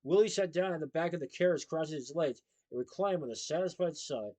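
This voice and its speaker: A man reading a children's novel aloud, in steady, lively storytelling. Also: a little high, fairly quick, rough recording.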